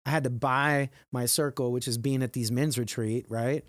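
A man's voice: medium pitch, steady tone, moderate pace, no room sound. A man hosting a podcast in casual chat, teasing and prodding his co-host to tell stories.

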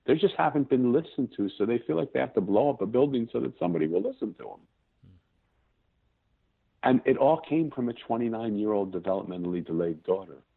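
Husky-voiced man on a tinny line. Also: medium pitch, expressive, brisk. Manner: earnest, searching for words, restarts sentences. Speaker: podcast guest. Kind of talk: reflective personal storytelling.

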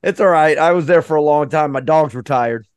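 A man's voice: on the high side, brisk, clear, resonant tone, dry recording. A man co-hosting a casual podcast chat, easygoing and laughing, tossing out questions. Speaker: podcast co-host.

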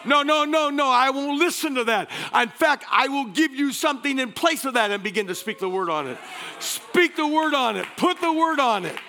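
A man preaching a sermon as pastor, energetic, calling out to the congregation and joking between points. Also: very high-pitched, moderate pace. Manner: energetic preaching with crowd call-and-response; joking asides, repeats words.

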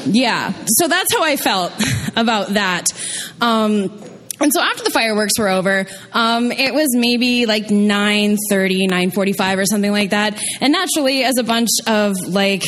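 A woman's voice: mid-range voice, lively intonation, moderate pace, fairly bright tone, slight background noise. A young woman telling a personal story on stage, chatty and self-deprecating with many fillers. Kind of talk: live storytelling.

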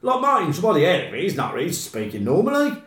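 A man with a Birmingham accent, his voice high and bouncing widely, acting out little quoted reactions as he chats about a film. He laughs along easily. The recording has an echoey room sound. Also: wildly swooping pitch, quick pace, a bit bright. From Birmingham, England. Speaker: podcast co-host. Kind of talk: casual film chat.

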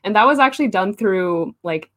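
A woman's voice: medium pitch, animated, normal speed, fairly bright tone, slight background noise. A young woman artist in a casual interview, chatty and laughing often, with many fillers.

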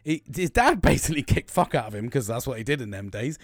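A British man in his forties tells a long, meandering story in a casual, unpolished way, peppering it with swearing and chuckles. His pitch rises and falls a lot as he gets into it, and the recording is close and dry. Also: lively intonation, fast talker, no echo. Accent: British English. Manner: rambling, heavy swearing, laughing asides. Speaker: podcast host.

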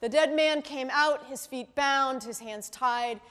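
Woman pastor preaching, pretty high voice, chatty and asks the room stuff, big echoey church hall. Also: slow, a bit bright, clear, resonant tone. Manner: conversational, frequent tag questions to the congregation. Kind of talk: sermon. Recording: long reverb of a large hall.

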